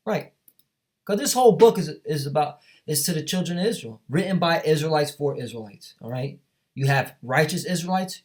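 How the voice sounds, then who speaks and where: Guy teaching bible verses, reads them out then breaks them down, keeps saying all right. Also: mid-range voice. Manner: reads verses aloud then comments emphatically; repeatedly checks in with listeners. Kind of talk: scripture teaching.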